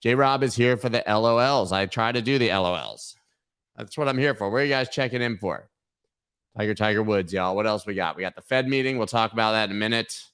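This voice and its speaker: A man's voice: on the low side, a little fast, a bit bright, clear, resonant tone. A man hosting a live crypto news stream in a casual chat style, joking and riffing as he talks to his viewers on a webcam. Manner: jokey and playful, riffing on silly bits. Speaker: host of a crypto news livestream. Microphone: webcam framing, sitting at camera.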